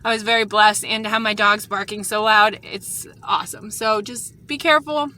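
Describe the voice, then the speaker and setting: A woman's voice: mid-range voice, fairly even intonation, normal speed, pushed and bright. A woman vlogger earnestly recounting an unsettling encounter in a rambling, casual way and warning viewers to be careful. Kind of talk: casual storytime vlog.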